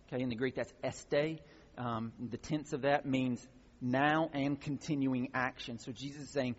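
A man's voice: mid-range voice, steady tone, moderate pace, breathy edge. A man preaching a sermon as pastor, explaining a passage in a teaching way and building to emphatic exhortations. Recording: muffled sound with long hall reverb.

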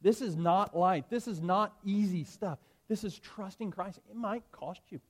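A male pastor preaching to his congregation. His voice is somewhat higher than most men's, and he speaks earnestly and emphatically, turning from storytelling to direct appeals. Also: unhurried. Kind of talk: sermon.

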